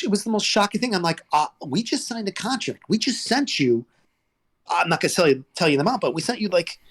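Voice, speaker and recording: Animated, rambling male interview guest. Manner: rambling and animated, with many restarts and big pitch jumps when quoting others. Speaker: guest, former toy developer. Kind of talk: casual interview storytelling.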